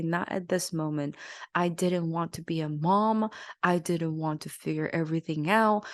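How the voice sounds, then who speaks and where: A woman hosting her own podcast, talking in an earnest, gentle and confessional way. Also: lowish voice, no echo, studio quality. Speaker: podcast host. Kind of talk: reflective podcast monologue.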